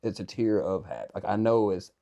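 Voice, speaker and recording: A man's voice: fairly low pitch, lively intonation, fairly quick, creaky, mellow. A young man hosting an interview, talking in a rambling, earnest way and thinking aloud as he goes. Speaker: podcast host. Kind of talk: conversational interview.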